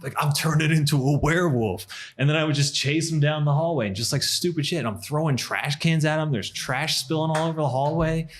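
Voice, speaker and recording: Man telling animated, laughing stories. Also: fairly high pitch, slight background noise. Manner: animated, laughing, fast anecdotes. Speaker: podcast guest. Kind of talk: casual storytelling chat. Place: coffee shop.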